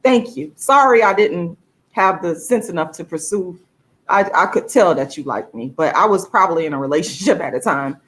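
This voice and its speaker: A woman vlogger in a casual to-camera monologue, talking emphatically with plenty of swearing and her pitch jumping high for emphasis. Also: lively intonation, normal speed. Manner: emphatic and profane, with laughs between points.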